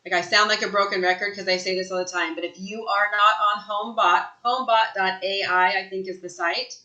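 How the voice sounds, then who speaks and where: A woman giving an energetic sales training talk, emphatic and fond of asking "right?" after her points. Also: mid-range voice, fairly quick, roomy sound, low-quality recording. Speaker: real estate sales trainer. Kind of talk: live online training talk.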